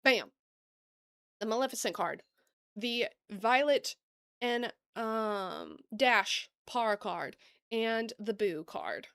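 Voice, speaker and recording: A woman with a Southern US accent hosting a casual card-opening video, bubbly and gushing, thinking aloud and laughing softly as she talks to viewers. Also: a little high, takes it slowly, creaky, clear, resonant tone, dry recording. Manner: bubbly, gasping and gushing over cute cards. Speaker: card-opening channel host.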